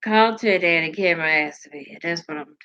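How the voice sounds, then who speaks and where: A woman's voice: on the low side, fast, bright, forceful tone, lo-fi sound. A sleepy woman hosting a casual live stream, rambling, laughing and answering comments from her chat.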